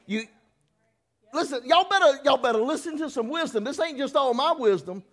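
Man, pastor preaching, high voice, folksy and teasing. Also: expressive, moderate pace, fairly bright tone. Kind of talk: sermon.

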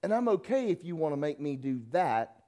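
Man, pastor preaching, high voice, folksy and teasing. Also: very animated, fairly quick, dark tone. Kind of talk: sermon.

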